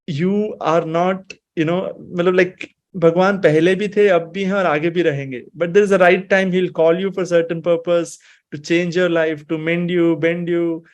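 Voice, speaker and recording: A man in his thirties from Himachal with an Indian English accent, sharing a personal devotional story in a reflective, emotional and halting way. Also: high voice, fairly even intonation. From Himachal Pradesh, India. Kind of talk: personal testimony, mixing English and Hindi.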